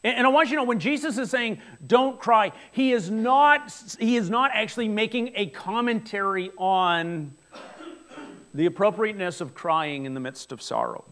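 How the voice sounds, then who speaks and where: A man in his forties delivers a sermon with a fairly high voice. He speaks earnestly and conversationally, often turning to the congregation with questions. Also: moderate pace, a bit bright. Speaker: pastor. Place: church hall before a congregation.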